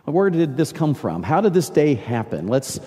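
An older man preaching a sermon as pastor, telling stories in a warm, halting way and repeating words as he searches for them. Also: on the high side, big pitch swings. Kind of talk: sermon with storytelling. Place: large church sanctuary. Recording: long church reverb.

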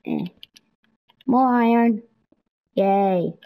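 A young woman giving casual, excitable commentary while playing a video game, pleading with and scolding game characters. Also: medium pitch, extremely slow, poor audio. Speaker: gameplay streamer. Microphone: headset or console mic.

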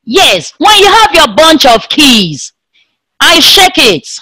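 A woman teaching an online science class to young pupils in a slow, sing-song way, imitating the sounds of animals and objects. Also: sits high, sing-song, pushed and bright, no echo, rough recording. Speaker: primary school teacher.

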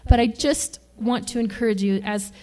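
A woman teaching a sermon at a women's retreat, talking in a chatty, animated way and acting out quoted voices. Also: fairly high pitch, moderate pace. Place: lodge meeting room.

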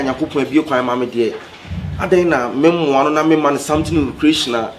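Ghanaian man, measured explaining, fairly high voice, faint background noise. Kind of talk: casual explanation mixing Twi and English.

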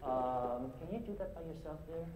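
A man teaching a piano master class, singing rhythms aloud and talking in halting bursts with restarts. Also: fairly high pitch, narrow, tinny audio. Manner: sings rhythms aloud to demonstrate; halting, many restarts and fillers. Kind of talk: coaching a student at the piano. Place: concert hall with piano. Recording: roomy hall sound with loud piano. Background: piano playing.

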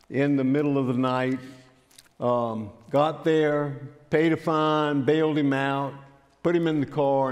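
An older man, telling a story in a sermon in a folksy, unhurried way. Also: mid-range voice. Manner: folksy, unhurried, frequent fillers. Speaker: pastor. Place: church sanctuary. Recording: church hall with long reverb.

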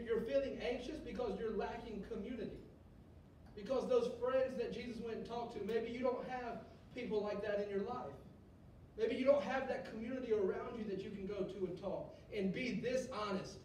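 A man preaching a sermon to a student group in a conversational way, often tagging "right?" onto his points. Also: warm tone. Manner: conversational, rhetorical "right?" asides. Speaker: youth pastor. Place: church hall. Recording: echoey hall, mic from a distance, faint rumble.

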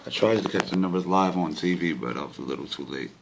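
Casual male vlogger, deep and gravelly, talking excitedly to camera over faint noise. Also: fast talker. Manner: excited and frustrated, pointing at a chart. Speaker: lottery system vlogger.

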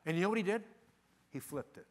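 An older man giving a live conference talk on sales, animated and joking as he tells stories. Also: high voice, quick pace, in a large hall, a little hiss or hum. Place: conference venue.

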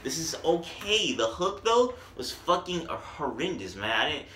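A man's voice: fairly high pitch, big pitch swings, a little slow, sharp tone, echoey room. A man giving a casual, profane and joking music review.

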